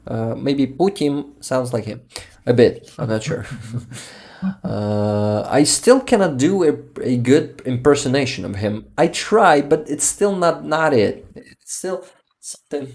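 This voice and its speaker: A young Ukrainian man hosts a casual live stream, reading out messages in accented English. He pauses to search for the right word and laughs easily between thoughts. His voice sits at an ordinary middle pitch. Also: expressive, darkish tone. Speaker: livestream host.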